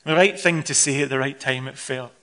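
A Scottish man preaching a sermon in a conversational, expressive way, acting out the scenes he describes. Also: mid-range voice, a little fast. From Scotland.

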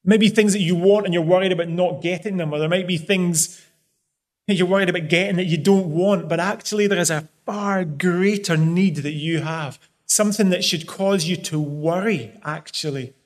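A man's voice: high-pitched, moderate pace. A man preaching a sermon in an earnest, pleading way, pressing hard on key phrases.

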